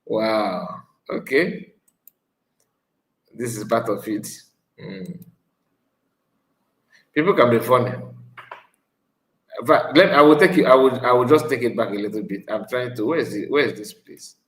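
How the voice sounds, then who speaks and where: Man, very slow pace, mid voice, casual commentary, echoey sound. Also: medium pitch, expressive, a bit bright. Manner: slow, drawn-out remarks with frequent pauses. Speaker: channel host reacting to a clip.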